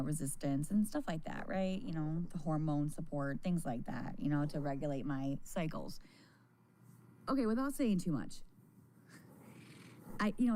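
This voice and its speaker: A woman's voice: low voice, mellow, slight background noise. A tired woman chatting casually with her live-stream viewers from home, rambling, laughing and swearing as she goes.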